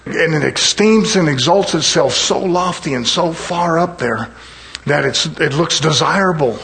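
A man preaching a sermon in a fervent cadence, punctuating it with amens and hallelujahs, slowing down low on scripture lines. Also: gravelly, fairly bright tone.

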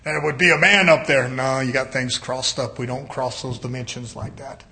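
A man preaching a fiery sermon, rising to shouts and dropping low. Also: steady tone, normal speed.

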